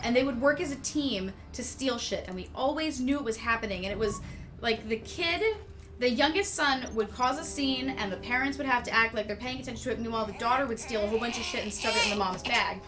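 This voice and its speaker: A woman's voice: on the high side, quick pace, noisy background. A woman co-hosting a game stream, telling stories in a casual ranting way and swearing freely. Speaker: streamer co-host. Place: home, with a baby nearby.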